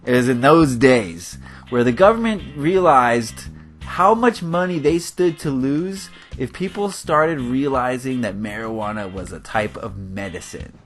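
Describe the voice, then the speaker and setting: A California man with a mid-range, expressive voice talks unhurriedly about his game build, rambling casually and laughing often. He hosts gaming videos, and faint guitar music plays behind him.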